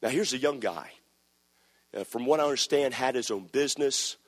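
A man preaching a sermon, telling stories and building from quiet narration to loud exhortation. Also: normal speed. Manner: builds from low conversational storytelling to shouted exhortation. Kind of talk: sermon with storytelling. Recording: long hall reverb.

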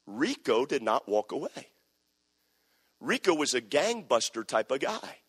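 A male pastor preaching a sermon, swinging from soft confiding talk to loud shouted preaching. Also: mid-range voice, sing-song, a little slow, slightly rough. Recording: live church sermon in a reverberant hall.

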